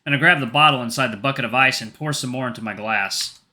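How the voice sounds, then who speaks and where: A man's voice: mid-range voice, fast, sharp tone. A man narrating a visual novel in the first person, reading plainly with small slips and restarts.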